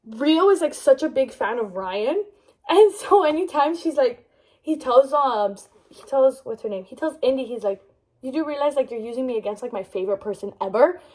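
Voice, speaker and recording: A woman's voice: high voice, lively intonation, normal speed, a little mellow, low-quality recording. A young woman vlogger chatting about a book she loves, gushing and rambling with lots of fillers and restarts. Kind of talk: casual book review chat.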